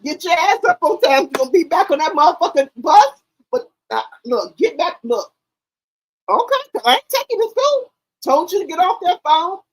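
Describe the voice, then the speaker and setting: A woman hosting a live stream in casual chat. Her voice sits high, and she tells stories in an animated, laughing way, swearing freely. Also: normal speed, rough recording. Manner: animated, laughing, profane storytelling.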